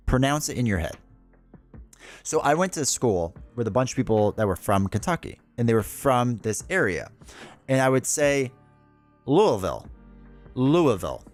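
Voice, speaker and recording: A man talks loosely and casually to his stream chat, drifting from one story to the next with frequent laughs. His voice sits at an everyday middle pitch, with soft music playing faintly behind him. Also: big pitch swings, a little slow, pauses often. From United States. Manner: rambling, chatty, laughs often. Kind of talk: casual livestream chat with viewers.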